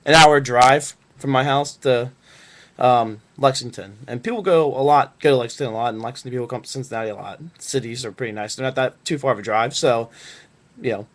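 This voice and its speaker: A man's voice: mid-range voice, brisk. Laid-back young man rambling on webcam. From Northern Kentucky. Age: young adult. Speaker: vlogger. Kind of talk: casual storytelling.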